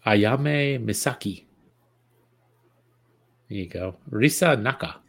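A man's voice: medium pitch, takes it slowly, vocal fry. A man co-hosting a podcast, joking and bantering in casual chat. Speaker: podcast co-host.

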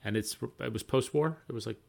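A middle-aged man co-hosting a podcast, chatting casually and telling stories with lively exclamations. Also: mid-range voice, fairly quick, gravelly. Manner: animated storyteller, exclaims often. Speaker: podcast co-host. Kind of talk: casual chat.

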